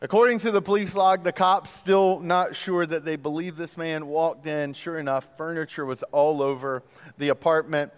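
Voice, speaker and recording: A man's voice: fairly high pitch, fairly even intonation, moderate pace, clean tone, long reverb tail. A man in his thirties preaching a sermon as a guest pastor, telling a story with joking asides in a church auditorium.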